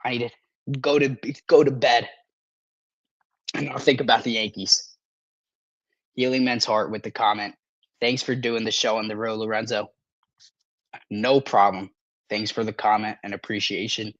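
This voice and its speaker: This sports podcast host is a man with a lowish voice, talking casually and with animated excitement during a live stream. A dry throat has him coughing and clearing it repeatedly, and the recording itself is dry.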